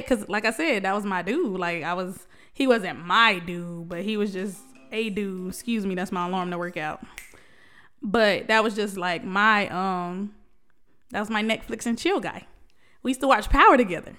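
Candid woman with a smooth voice, testifying. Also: medium pitch, fairly bright tone. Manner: emotional, testifying, laughs often, many restarts. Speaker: vlogger sharing a personal story. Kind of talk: candid personal talk to camera.

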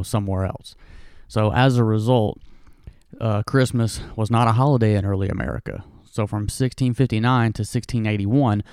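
Low-voiced man, casual rambling history host, dry close sound. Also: darkish tone, smooth, dry recording. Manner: rambling, jokey asides, many fillers.

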